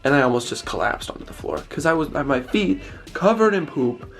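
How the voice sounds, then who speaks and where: A teenage man vlogging in a casual, animated way, exasperated and acting out the people he quotes. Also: fairly high pitch, a little fast, faint music behind. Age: teens. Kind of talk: casual vlog storytelling. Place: cold house and busy restaurant.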